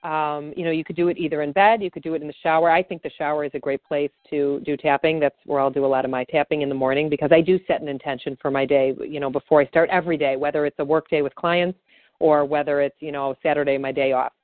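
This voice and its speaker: A woman's voice: low-pitched, fairly even intonation, fast, dry recording. A woman practitioner guiding a tapping session and chatting easily, with lots of fillers. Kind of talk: guided tapping and casual chat. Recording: tinny phone-like call audio.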